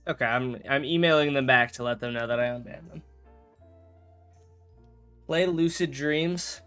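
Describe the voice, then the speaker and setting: A man's voice: mid-range voice, unhurried, fairly bright tone, smooth, soft background music. Chatty young male gamer streamer. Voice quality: rambling, self-correcting, jokey. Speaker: live streamer. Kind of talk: casual live-stream chat while gaming.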